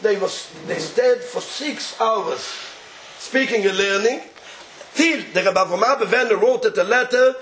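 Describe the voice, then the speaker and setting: A man with a very high voice and a strong Yiddish accent tells a rabbinic tale in an animated, chuckling way. His English is sprinkled with Yiddish and Hebrew words, and the room around him is echoey. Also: normal speed. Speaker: storyteller.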